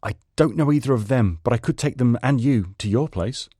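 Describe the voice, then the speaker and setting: A man voicing a hard, lonely old blind beggar who wheedles and then grows quietly sure of himself. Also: mid-range voice, animated, fairly quick, slightly rough, dry recording, clean studio sound. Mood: confident.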